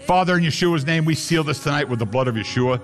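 A man preaching an animated sermon as a messianic pastor, rising to shouts at times and using Hebrew terms. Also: on the high side, quick pace, soft background music.

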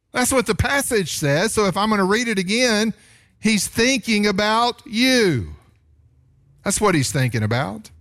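Animated pastor preaching, man. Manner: animated preaching, pitch rising sharply on emphasis. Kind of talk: sermon.

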